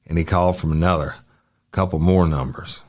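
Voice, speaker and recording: Man reading as a young male witness, very deep voice, short polite halting answers.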